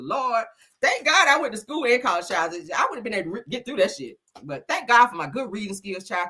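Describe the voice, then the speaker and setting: A woman's voice: mid-range voice, bright, forceful tone, husky. A woman hosting a gossip show in a casual comedic monologue, sassy and melodramatic, forever calling her listeners child, honey and girl. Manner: melodramatic, calling on the Lord and Jesus. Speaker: host of a celebrity gossip show.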